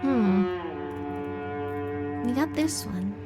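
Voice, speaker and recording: A woman streamer chatting casually with relaxed, musing remarks. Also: medium pitch, drawn-out words. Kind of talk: casual reaction chat. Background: music.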